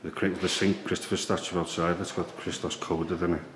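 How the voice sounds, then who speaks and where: A man quietly explaining history as he walks visitors through a museum in an old priory. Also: little pitch movement, brisk. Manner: hushed, low-key explaining. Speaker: history tour guide. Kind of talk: walking tour vlog. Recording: echoey room with background noise.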